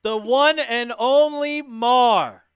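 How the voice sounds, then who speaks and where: A man co-hosting a fan live stream, chiming in with quick casual remarks and echoing the host. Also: extremely high pitch, soft background music. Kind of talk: casual banter.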